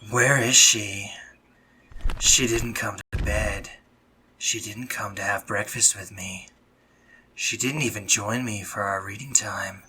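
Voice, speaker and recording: A man's voice: fairly low pitch, fairly even intonation, slow, pushed and bright, a little hiss or hum, heavily acted. A man voicing a dominant, sadistic young male drider who frets and mutters to himself. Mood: fretful. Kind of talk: audio drama acting.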